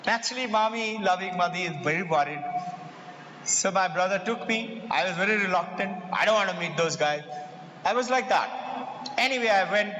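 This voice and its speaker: A high-pitched, bright-voiced man with an Indian English accent, speaking to parents as school president. He tells stories with lively acted-out quotes, and his voice rings through a large echoey hall with faint background ambience. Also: lo-fi sound, slight background noise. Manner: animated storyteller, acts out quoted voices. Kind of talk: motivational talk with personal stories. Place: large hall before an audience.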